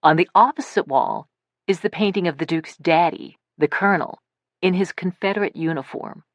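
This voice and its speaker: A woman reading a first-person audiobook aloud, with lively storytelling that voices the characters' dialogue. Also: on the low side, normal speed, no echo. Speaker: audiobook narrator.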